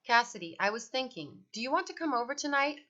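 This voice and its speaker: A nerdy, precise schoolboy from a children's book, voiced by a woman reader. He talks slowly and earnestly, every fact measured out. The tone is bright and the recording dull. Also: high-pitched, big pitch swings, voice pushed up, heavily acted. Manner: slow, earnest and know-it-all.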